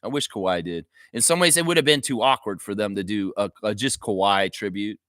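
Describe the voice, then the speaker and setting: A man's voice: lowish voice, animated, a little fast, a bit bright, no echo. Male fan-stream host, casual and opinionated, dry close sound. Reads chat aloud. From United States and Canada. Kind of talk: live fan reaction stream.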